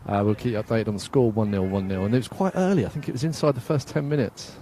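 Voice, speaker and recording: A man's voice: lowish voice, fast talker, dark tone, slight background noise. A man from England giving casual, self-mocking live commentary at an outdoor football match, laughing often and reading out viewer comments.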